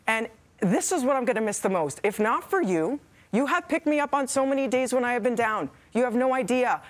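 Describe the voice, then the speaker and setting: A woman's voice: fairly high pitch, animated, fairly quick. A woman co-host of a morning TV show, giving a heartfelt on-air farewell to her viewers. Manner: heartfelt, warm, fighting back tears. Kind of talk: emotional on-air farewell speech. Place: TV studio.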